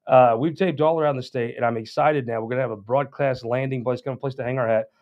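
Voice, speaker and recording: A man's voice: medium pitch, steady tone, fast talker. Rambling folksy man hosting. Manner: rambling, folksy, restarts often. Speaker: political show host. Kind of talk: casual on-air monologue. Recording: dull lo-fi sound.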